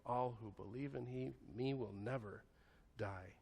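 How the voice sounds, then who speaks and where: A man preaching a sermon as pastor, slow and soft-spoken, with long pauses, often dropping to a hushed voice. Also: mid-range voice, steady tone, vocal fry, slightly rough. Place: church sanctuary. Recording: echoey church hall.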